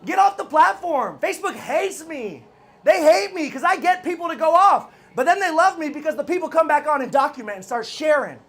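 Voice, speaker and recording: A man's voice: very high voice, a bit bright. A man giving an intense, challenging motivational rant, repeating his questions and swearing casually as a coach.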